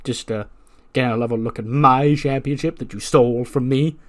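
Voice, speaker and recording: A man's voice: mid-range voice, steady tone, brisk, lightly acted. A man voicing a brash, cocky male wrestler who speaks in a boastful, mocking way. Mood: taunting.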